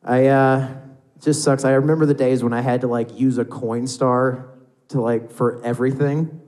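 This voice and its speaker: A man's voice: medium pitch, steady tone, normal speed, a little mellow. An American man performing a stand-up comedy set on a live club stage, rambling loosely and acting out voices.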